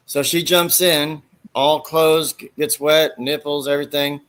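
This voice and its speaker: A man's voice: fairly high pitch, fairly even intonation, measured pace, hardly any pauses, a bit bright. A man hosting a casual chat, rambling as he retells movie scenes and acts out the quoted lines.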